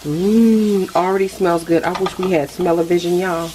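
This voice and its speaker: A woman's voice: lowish voice, little pitch movement, a little fast, noisy background. A middle-aged woman hosting a casual cooking vlog, chatting straight to her viewers from her home kitchen stove. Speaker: cooking channel host. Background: faint sizzling and frying.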